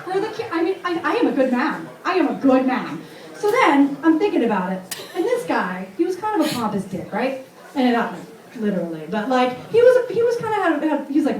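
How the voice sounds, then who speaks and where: A woman's voice: high voice, big pitch swings, fairly quick, roomy sound, recorded from a distance, a little hiss or hum, low-quality recording. A woman from Vermont in her thirties doing a brash, self-mocking stand-up set in a comedy club. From Vermont, USA.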